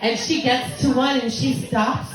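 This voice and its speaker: A woman's voice: sits high, fairly even intonation, unhurried. An American woman in her thirties performing a bawdy, conversational stand-up set on a comedy club stage, acting out the people in her stories. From United States. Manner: bawdy, conversational, acts out quoted voices. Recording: echoey club room with crowd laughter. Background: audience laughter.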